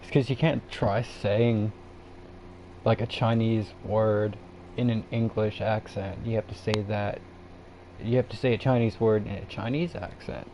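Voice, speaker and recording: A man's voice: lowish voice, fairly even intonation, a little slow, dark tone. A man chatting casually and rambling on his own live stream, laid-back and chuckling at himself. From Canada. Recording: dull lo-fi sound with faint background noise.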